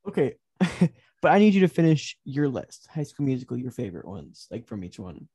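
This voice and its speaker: A man co-hosting a podcast in casual chat, with a baritone voice, playful and full of questions. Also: very animated, moderate pace, warm tone, husky. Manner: chatty, playful, asks many questions. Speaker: podcast co-host.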